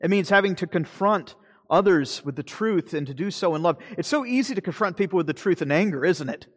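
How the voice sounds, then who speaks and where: Earnest preacher in an echoing church. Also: male voice, sits high, animated. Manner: earnest preaching, shifting between slow emphasis and quick asides. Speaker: pastor. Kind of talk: sermon.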